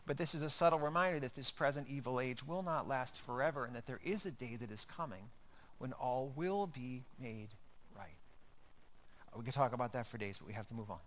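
A man's voice: medium pitch, animated, brisk. A man preaching a sermon in a conversational style, building emphasis through repeated phrases. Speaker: pastor.

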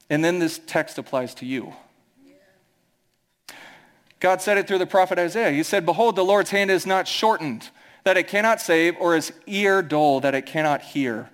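High-voiced Midwestern pastor preaching. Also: male voice, moderate pace. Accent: American Midwest. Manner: conversational preaching, acts out quoted voices. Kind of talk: sermon.

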